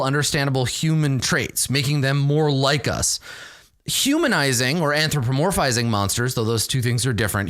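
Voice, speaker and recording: A man explains ideas about running tabletop games in an easy, conversational way. His pitch swings widely as he talks, rising and dipping for emphasis. He keeps checking in with a quick "right?" after his points. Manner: animated, ends points with "right?". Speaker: game master advice host. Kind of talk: casual explanatory talk.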